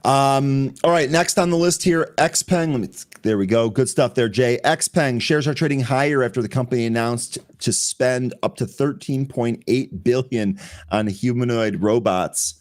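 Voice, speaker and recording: Hosting a live pre-market trading show, a man with a mid-range voice takes his time. He reads out headlines and works through stock charts, chatting and laughing along the way.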